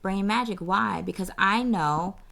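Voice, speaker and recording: Sassy gravelly-voiced woman coach. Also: medium pitch, unhurried, a bit bright. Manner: sassy, playful, talks straight to the viewer with "honey" and "okay". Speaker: business coach. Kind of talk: casual direct-to-camera coaching pitch.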